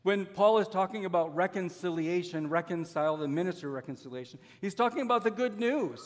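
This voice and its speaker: Male pastor, earnest sermon delivery with slow emphasis, slightly high voice, long hall reverb. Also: lively intonation. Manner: earnest, with slow drawn-out emphasis and homely examples.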